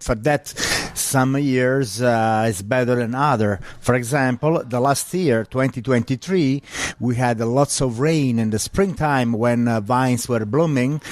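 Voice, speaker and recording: Italian guy talking wine, lots of uh pauses, dry mic. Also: medium pitch, darkish tone, no room sound. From Italy. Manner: halting, many filler pauses. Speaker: wine brand ambassador. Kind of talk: interview guest.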